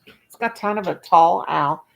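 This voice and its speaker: A woman's voice: on the low side, measured pace, vocal fry, fairly bright tone. An older woman, hosting a casual livestream chat with viewers, folksy and self-mocking, laughing at her own jokes. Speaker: livestream host.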